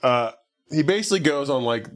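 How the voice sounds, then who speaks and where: Speaking a little fast with lively intonation, a podcast co-host in a mid-range male voice walks through a movie's plot. His recap wanders, leans heavily on "like," and includes his own renditions of characters' lines.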